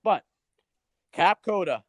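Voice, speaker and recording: A man's voice: high voice, expressive, slow pace, no echo. Chatty man with a raised voice. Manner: rambling, swears, acts out quotes in put-on voices. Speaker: podcast co-host. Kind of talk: casual wrestling review chat.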